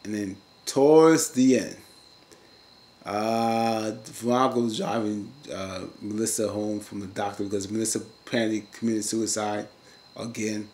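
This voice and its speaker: A man casually recapping a TV episode in a slangy, rambling way, breaking into loud, high-pitched rants now and then. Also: steady tone, measured pace. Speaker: TV recap vlogger.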